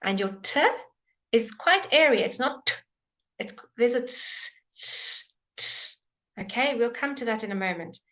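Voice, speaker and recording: A woman's voice: on the high side, moderate pace, a bit bright. A woman teaching English pronunciation in a live online lesson, patiently modelling sounds and encouraging questions.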